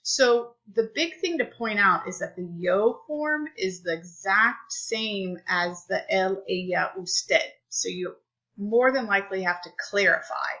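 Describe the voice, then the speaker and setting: A woman teaching a recorded Spanish grammar lesson, explaining clearly and unhurriedly. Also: mid-range voice, measured pace, sharp tone, muffled recording.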